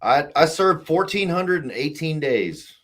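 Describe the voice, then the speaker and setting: A man's voice: on the high side, sing-song, measured pace, a bit bright, slight background noise. A man as an interview guest, telling his story earnestly and emotionally, acting out the voices of the people he quotes. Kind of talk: conversational interview.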